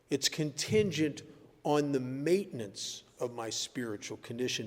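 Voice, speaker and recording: A man's voice: on the high side, a little mellow. An older man giving a personal talk at a recovery meeting, earnest and blunt, telling stories and pressing his points with sudden emphasis. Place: meeting hall. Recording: echoey hall.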